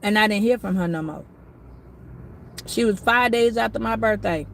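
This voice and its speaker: A woman's voice: mid-range voice, moderate pace, vocal fry, pauses often. A middle-aged woman giving a casual astrology reading, talking bluntly, preachily and with plenty of swearing. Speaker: tarot reader.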